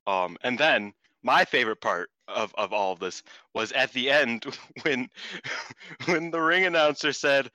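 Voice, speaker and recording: A man co-hosting a casual wrestling chat, animated and swearing freely, acting out what others said. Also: mid-range voice, moderate pace, no echo. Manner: animated, swears often, acts out quotes. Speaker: podcast co-host.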